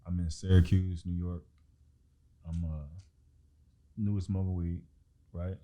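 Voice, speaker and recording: Low-voiced man telling a casual story. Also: level tone, slow pace, dark tone. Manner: laid-back, slangy storytelling with acted quotes. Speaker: guest comedian.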